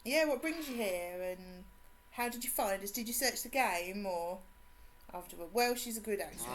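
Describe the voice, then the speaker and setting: An English woman whose accent blends Suffolk, Cockney and a Brummie twang. She chats in a bubbly way with her viewers while streaming a game. She greets people warmly by name and laughs often. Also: mid-range voice, moderate pace, slight background noise. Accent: English, mixed Suffolk, Cockney and Brummie. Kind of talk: casual live-stream chat.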